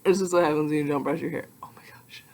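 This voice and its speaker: A young adult woman vlogging casually to her computer webcam, rambling and excitable with self-mocking asides. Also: low-pitched, fast. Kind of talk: casual vlog talk to camera.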